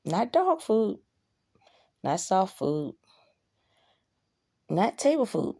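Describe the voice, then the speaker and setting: A woman's voice: mid-range voice, big pitch swings, very slow, creaky, warm tone, breathy edge, no echo, clean studio sound. A woman casually telling a personal story to camera, blunt and profane, with emphatic outbursts.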